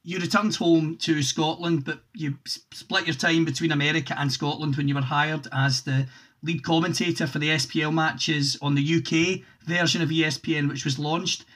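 Measured male interviewer, slightly high voice. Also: fairly even intonation, fairly bright tone. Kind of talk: interview questions.

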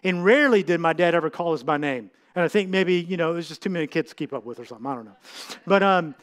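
A middle-aged man with a high-pitched voice preaches a heartfelt sermon. He pauses, repeats words and restarts his thoughts as he speaks. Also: lively intonation, fairly bright tone. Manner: heartfelt, halting with many restarts and fillers. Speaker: pastor.

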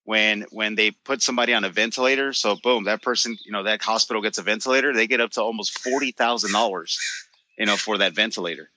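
A man's voice: fairly low pitch, fast, sharp tone, no room sound. A man co-hosting a podcast, explaining his views emphatically in casual conversation. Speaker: podcast co-host. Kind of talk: casual chat.

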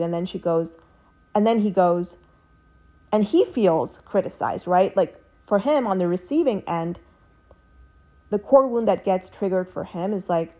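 Young adult woman, relationship coach, low-pitched, chatty, filler-heavy delivery. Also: normal speed, vocal fry, mellow, highs cut off. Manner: conversational, many fillers like "like" and "you know". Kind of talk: casual explanatory monologue.

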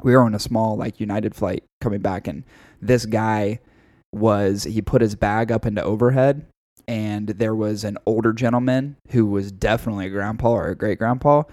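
Casual podcast co-host, a man with a lowish voice and a dry, close sound, swearing freely as he tells his story. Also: moderate pace, dry recording. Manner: profane, animated storytelling. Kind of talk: casual chat.

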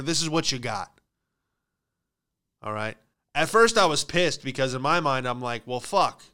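Smooth-voiced man telling comic stories. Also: medium pitch. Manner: animated storytelling with put-on voices for quoted people. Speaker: comedian podcast host. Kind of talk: casual comedic monologue.

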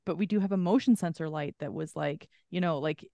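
Woman podcast cohost, animated story mode, lots of "like", dry close mic. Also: low-pitched, fairly quick, no room sound. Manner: animated storyteller, heavy use of "like", acts out quotes. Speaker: podcast co-host. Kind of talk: casual chat.

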